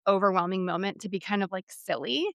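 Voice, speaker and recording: A woman's voice: medium pitch, fast, a bit bright, no room sound. A woman in her thirties hosting a podcast, talking in a candid, conversational way with lots of fillers. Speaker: podcast host. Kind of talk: casual interview chat.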